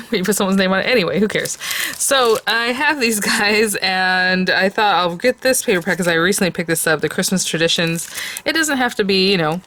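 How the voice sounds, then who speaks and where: A woman's voice: medium pitch, normal speed, sharp tone, slight background noise. A woman hosting a casual papercraft tutorial, chatty and rambling, often laughing between thoughts. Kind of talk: casual craft tutorial chat.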